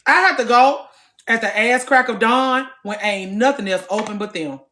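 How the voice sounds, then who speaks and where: A woman in her late thirties with a fairly high voice, chatting casually to her viewers. Her delivery is animated and she swings between loud and quiet. She talks in a frank, salty way and swears freely. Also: moderate pace, slight background noise. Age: late 30s. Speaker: vlogger. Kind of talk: casual chat to camera. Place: gym.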